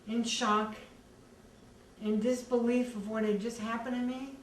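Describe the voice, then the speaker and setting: A woman earnestly recounting her own story in a measured way, with many pauses. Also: on the high side, level tone. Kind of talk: personal testimony. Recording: echoey room, distant mic, faint background noise.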